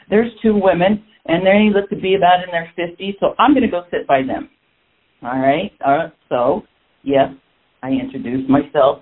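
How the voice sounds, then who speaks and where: A middle-aged man telling a personal story in a lively, self-mocking way, jumping up in pitch for emphasis. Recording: tinny phone-like audio.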